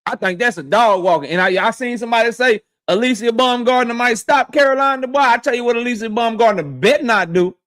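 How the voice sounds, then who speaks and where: Guy with a really high voice hosting a boxing stream, loose and cussing, reacting to chat. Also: fairly quick, hardly any pauses, a bit bright. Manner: loose, profane, trash-talking, reads chat aloud. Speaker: boxing channel host. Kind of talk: casual live-stream chat.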